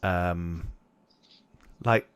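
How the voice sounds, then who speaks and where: A man running a tabletop role-playing game as game master, narrating in a rambling, animated way with sound effects. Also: low-pitched, very slow, smooth, dry recording.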